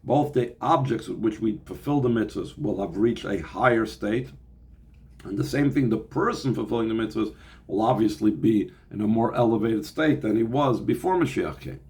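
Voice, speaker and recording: A male teacher giving a Torah class. He reads passages aloud in Hebrew, then translates and explains each one, with pauses and restarts as he goes. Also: lowish voice, darkish tone.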